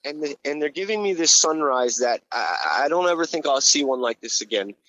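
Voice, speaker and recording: A man who grew up in Hawaii, telling a long story in a casual, profane, rambling way and getting loud when he reenacts scenes. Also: a little high, big pitch swings, fairly quick, no echo. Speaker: guest telling his story. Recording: slightly dull, lo-fi sound.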